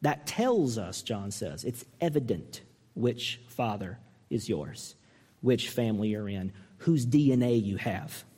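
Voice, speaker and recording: A man preaching a sermon as pastor, earnest and emphatic, asking the listeners pointed questions and climbing high when he mimics a harsh reading. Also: expressive, measured pace, dark tone, slightly rough, in a large hall.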